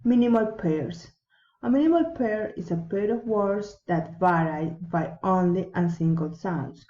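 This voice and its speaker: Slow, deliberate woman reading drills. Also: mid-range voice, mellow, roomy sound, lo-fi sound. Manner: reads word lists slowly and deliberately, modeling intonation. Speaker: English pronunciation teacher. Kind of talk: slow read-aloud pronunciation drill.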